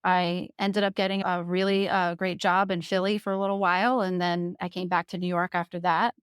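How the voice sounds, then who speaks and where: A woman in her thirties from the Jersey Shore, a podcast guest candidly telling her own story with lively laughter. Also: fairly low pitch, brisk, clean tone, dry recording, studio quality. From Jersey Shore, USA.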